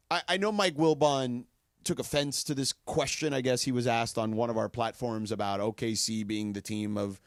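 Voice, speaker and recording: A man co-hosting a sports radio show, chatting casually and animatedly with plenty of quick agreement. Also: medium pitch, no room sound, studio quality. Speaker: radio co-host. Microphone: studio microphone.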